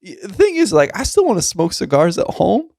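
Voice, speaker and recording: A man co-hosting a cigar podcast, wry and self-deprecating in casual chat, quick to laugh. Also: high voice, wildly swooping pitch, gravelly, darkish tone, no echo, studio quality. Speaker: podcast co-host.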